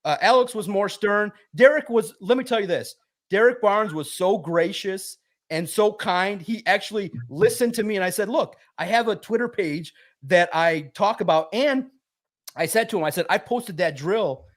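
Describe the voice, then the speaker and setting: A man guesting on a sports podcast, telling a story in a casual, high-energy way. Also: moderate pace.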